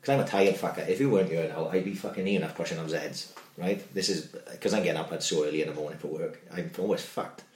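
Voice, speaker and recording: Casting: very low-voiced man, chatty podcast co-host, cursing freely, echoey room. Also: fast, hardly any pauses, a little mellow. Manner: sweary, storytelling, keeps asking "do you know what I mean". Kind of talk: casual chat. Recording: roomy echo.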